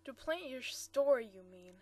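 A woman's voice: high voice, measured pace. A woman reading the part of an angry young man in a storybook, speaking harshly and accusingly. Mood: contemptuous. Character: angry young blond man, grieving fiancé.

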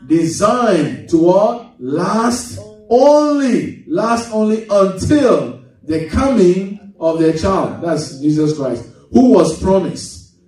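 A pastor with a high-sitting, dark-toned voice preaches a sermon in a church hall, reading scripture and asking the congregation leading questions for them to answer in call-and-response. The hall is very echoey and the mic is far off.

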